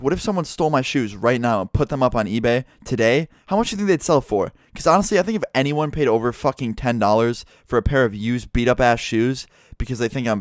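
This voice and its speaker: A young man telling a casual storytime vlog, swearing freely and animated as he acts out quotes. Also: mid-range voice, dry recording, clean studio sound. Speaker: YouTuber.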